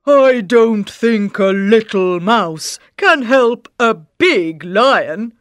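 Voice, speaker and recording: A woman voicing a big, proud but kind male lion in a children's story, speaking loudly and slowly. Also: on the high side, lively intonation, no echo, studio quality. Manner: loud and drawn-out roaring.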